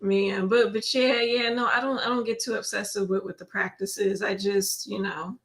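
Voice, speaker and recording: A woman's voice: medium pitch, steady tone, moderate pace, a bit bright. A woman co-hosting a casual talk, easygoing and repeating words as she goes. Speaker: podcast co-host asking questions. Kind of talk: casual conversation.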